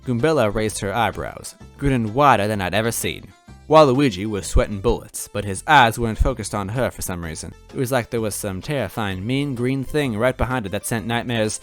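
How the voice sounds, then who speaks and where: A man's voice: on the low side, normal speed, soft background music. A man reading fan fiction aloud in first person, adding wry asides to the listener. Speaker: story reader.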